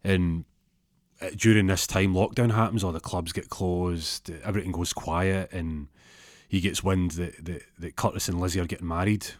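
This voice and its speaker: A man telling a rambling, absurd comic story in a deadpan way. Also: low voice, normal speed, no room sound, studio quality.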